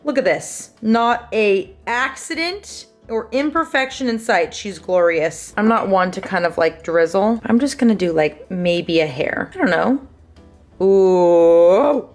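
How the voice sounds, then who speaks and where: A woman's voice: medium pitch, lively intonation, a little slow, faint music behind. A young woman in her twenties chatting through a cooking vlog in her home kitchen, bubbly and self-deprecating. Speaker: lifestyle vlogger. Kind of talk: casual cooking vlog chat.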